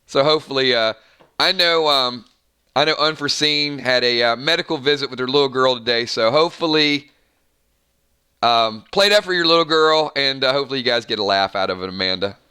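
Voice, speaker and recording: A man from the Southern US hosting a live game stream, hyper and rambling with quick asides. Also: mid-range voice, pushed and bright, smooth. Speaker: game host.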